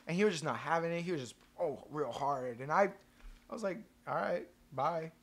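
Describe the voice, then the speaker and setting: A man's voice: a little high, fast. A young man on a casual podcast, telling a story with lots of swearing and acting out the other people's lines. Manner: animated storyteller, swears a lot, acts out quotes. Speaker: podcast co-host, band member.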